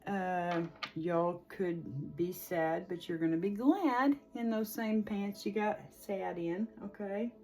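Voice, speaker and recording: A woman's voice: mid-range voice, slow pace, few pauses, darkish tone. A woman in her forties giving a casual, chatty tarot reading, rambling with lots of fillers. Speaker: tarot reader.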